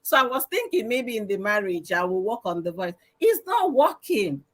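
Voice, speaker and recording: A middle-aged woman with a Nigerian accent, telling stories loudly and with emphasis on a live-streamed panel discussion. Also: mid-range voice, big pitch swings, normal speed. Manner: loud, emphatic, storytelling. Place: live stream video call.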